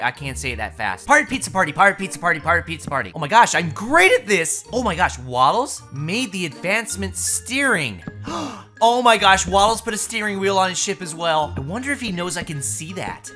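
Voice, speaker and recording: Bubbly bright-voiced woman gaming host. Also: on the low side. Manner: bubbly, gasping, quick exclamations. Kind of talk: excited Minecraft commentary.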